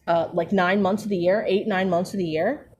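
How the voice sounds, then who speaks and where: A woman's voice: on the low side, steady tone, normal speed, a little mellow, husky. A young woman streaming a book read-along, breaking off into sarcastic, profane commentary full of fillers. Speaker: streamer reading a book aloud. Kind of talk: casual commentary while reading aloud.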